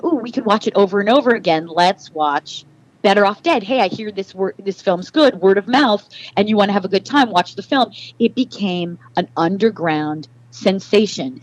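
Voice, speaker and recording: Animated woman telling stories. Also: mid-range voice, low-quality recording. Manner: animated storyteller, acts out quoted dialogue. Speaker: guest actress. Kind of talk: casual interview.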